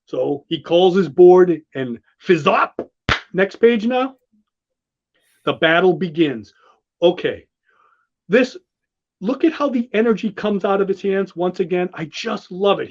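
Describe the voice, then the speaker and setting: A high-pitched man talks in an excitable, gushing ramble, often restarting his sentences. The sound is dull and lo-fi. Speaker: show host walking through a comic. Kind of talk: enthusiastic casual commentary.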